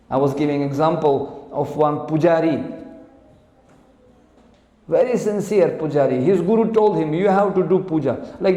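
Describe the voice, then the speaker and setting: A man's voice: a little high, mellow. A man giving a sermon, telling stories and acting out the characters in them. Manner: acts out characters in his stories. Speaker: lecturer. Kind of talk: sermon with storytelling. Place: large temple hall. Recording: echoey hall with long reverb.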